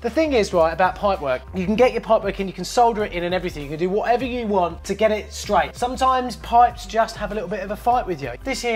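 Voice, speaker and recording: A man with a British accent, a plumber talking through a hands-on job indoors in a chatty, joking way. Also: high voice. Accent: British English. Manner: chatty, jokey, explaining step by step. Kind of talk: hands-on trade tutorial. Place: indoors at a job site by a hot water cylinder.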